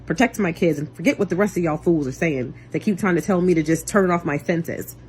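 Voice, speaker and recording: A young adult woman giving an emotional personal testimony to camera, earnest and intense, swinging between loud outbursts and quiet low passages. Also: a little fast, a little hiss or hum. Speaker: vlogger and single mother.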